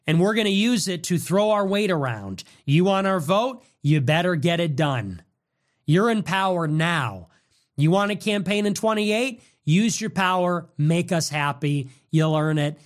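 A man's voice: high-pitched, lively intonation, a little slow. A man hosting a political show, delivering an angry, combative monologue.

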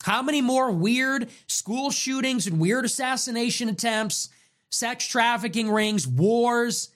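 A man's voice: extremely high pitch, a bit bright. A young man hosting his own show, delivering a heated political monologue with strings of rhetorical questions and some swearing. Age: young adult. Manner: ranting, rapid-fire rhetorical questions, profane. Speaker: show host.

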